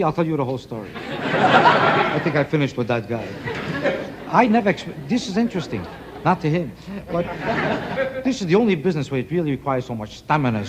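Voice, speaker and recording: A man doing a rambling stand-up comedy routine on a TV stage, teasing the audience between jokes. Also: fairly high pitch. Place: television studio stage before an audience. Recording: loud studio audience laughter and noise.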